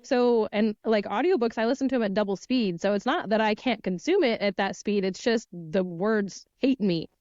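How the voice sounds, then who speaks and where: A woman's voice: medium pitch, normal speed, hardly any pauses, darkish tone, no room sound, lo-fi sound. A woman co-hosting a podcast, chatting enthusiastically with her guest. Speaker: podcast co-host. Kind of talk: casual interview chat.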